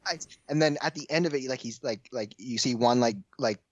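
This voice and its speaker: A man's voice: medium pitch, a little fast, dry recording. A man on a casual podcast, rambling and speculative, piling up filler words and restarts. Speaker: podcast co-host. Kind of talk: casual chat.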